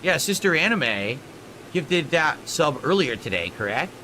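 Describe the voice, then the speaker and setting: Lively bright-voiced male streamer. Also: fairly high pitch, unhurried, a little hiss or hum, poor audio. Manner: chatty, thanks supporters, pushes for donations. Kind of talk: live-stream chat while flying a sim.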